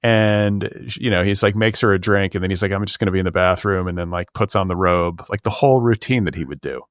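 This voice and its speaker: A man's voice: low-pitched, brisk, dry recording, clean studio sound. A middle-aged man hosting a podcast, telling a story in casual chat full of "like" and "you know". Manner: storytelling, loose with fillers like "like". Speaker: podcast host.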